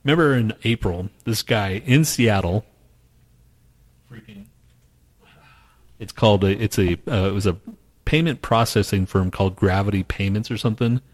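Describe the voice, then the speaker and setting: A man with a lowish voice is co-hosting a casual podcast. He swears constantly and acts out other people's lines as he tells a story. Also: normal speed, pauses often. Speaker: podcast co-host. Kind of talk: casual profane chat.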